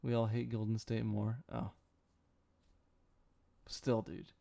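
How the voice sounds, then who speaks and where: A man's voice: lowish voice, completely flat delivery, slow, vocal fry, mellow. A young man, sleepy, rambling and joking with his chat during a casual late-night stream. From Canada.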